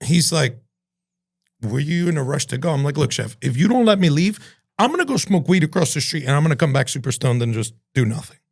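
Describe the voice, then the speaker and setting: A man, a chef being interviewed, telling profane, animated stories and acting out the voices of other people. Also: a little high, fairly quick, creaky. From Cuban-American from New Jersey. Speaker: chef and entrepreneur, podcast guest. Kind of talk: casual storytelling interview.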